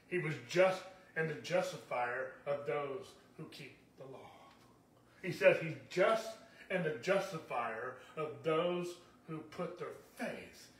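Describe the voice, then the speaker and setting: A man preaching a sermon, his voice pitched high for a man. He presses his points with repetition and keeps checking in with the listeners. The sound is roomy and echoey, as if picked up from some distance away from the mic. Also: slow, fairly bright tone. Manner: emphatic, repetitive preaching with many "okay?" asides. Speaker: pastor.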